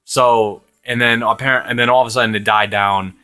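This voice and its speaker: A young man from Rhode Island, USA, hosts a gaming channel and tells a long, rambling story over gameplay, swearing a lot and laughing often. His mid-range voice is bright, smooth and forceful, with a steady tone and a slightly quick pace. Soft music plays in the background.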